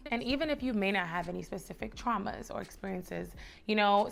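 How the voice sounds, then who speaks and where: A young woman from the Bronx, giving chatty, encouraging advice straight to camera and calling her viewers baby and sis. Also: medium pitch. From the Bronx, New York. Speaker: lifestyle vlogger. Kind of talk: casual direct-to-camera advice.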